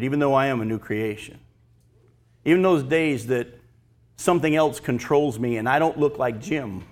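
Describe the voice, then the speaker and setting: A pastor in his fifties preaching a sermon, emphatic and animated, mixing teaching with personal stories. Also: fairly high pitch.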